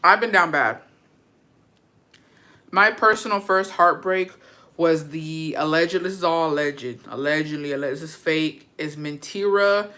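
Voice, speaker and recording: A woman's voice: low voice, sharp tone. A young adult woman telling a story in a casual vlog chat, brash and profane, dramatic, and dropping in Spanish phrases. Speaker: vlogger.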